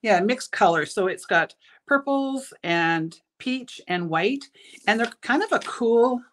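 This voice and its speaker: A woman's voice: on the high side, lively intonation, takes it slowly, fairly bright tone, a little hiss or hum. A middle-aged woman hosts a casual live bead showcase, sounding tired and stumbling over her words as she chats. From Canada. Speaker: bead shop owner hosting a live product show.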